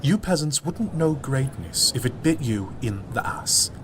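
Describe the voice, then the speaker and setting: A man's voice: medium pitch, very animated, a little slow, background noise. An actor playing an arrogant, snobbish young man in a video game, sneering and haughty. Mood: disdainful. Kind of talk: game voice acting.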